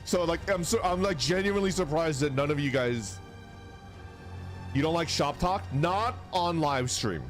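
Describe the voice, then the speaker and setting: Lively casual male streamer. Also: on the high side, normal speed, soft background music. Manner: lively, swearing, reads chat aloud. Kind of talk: casual live-stream chat.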